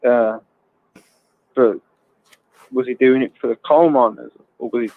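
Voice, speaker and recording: A man's voice: medium pitch, unhurried. A man hosting a casual call-in livestream, joking and telling rambling bawdy stories. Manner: jokey, tells rambling bawdy anecdotes with laughs. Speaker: livestream host. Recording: tinny phone-like sound.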